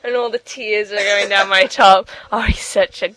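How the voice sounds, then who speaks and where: A woman's voice: medium pitch, steady tone, moderate pace, a bit bright, rough recording. A young woman chatting with friends, giggling as she tells a party story. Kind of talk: casual chat among friends.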